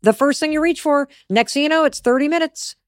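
A woman's voice: high-pitched, fairly quick, no room sound, clean studio sound. Candid, emphatic woman podcast host. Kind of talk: motivational podcast talk.

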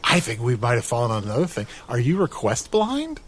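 A man joining a tabletop role-play game, making quick, joking asides in casual chat. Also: mid-range voice, wildly swooping pitch, a crowd in the background. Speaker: player.

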